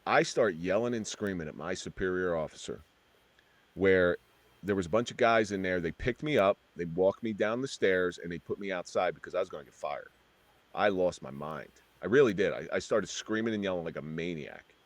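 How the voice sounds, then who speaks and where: A middle-aged man, a former police officer, telling his story in an interview in an earnest, halting way with many restarts. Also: low-pitched, lively intonation.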